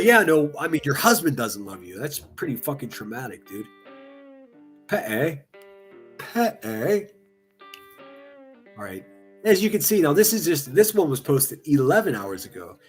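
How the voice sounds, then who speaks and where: A man with a fairly high voice riffs through online comments in casual, swear-laden commentary. He mocks and needles his targets with biting sarcasm. Soft guitar music plays faintly underneath. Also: sing-song, normal speed. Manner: profane, sarcastic and mocking.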